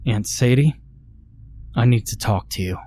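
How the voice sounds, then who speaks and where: A man's voice: mid-range voice, a little slow, mellow, slightly rough. A man voicing a pleading young niece. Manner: trembling, pleading, urgent.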